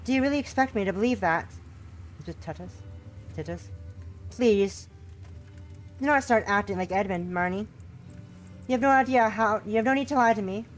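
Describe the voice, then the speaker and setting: A woman's voice: medium pitch, moderate pace, long pauses, soft background music, voice pushed up, lightly acted. A woman voicing Elizabeth, a devoted young woman who speaks in an earnest, old-fashioned formal way in a visual novel. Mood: teasing, tender.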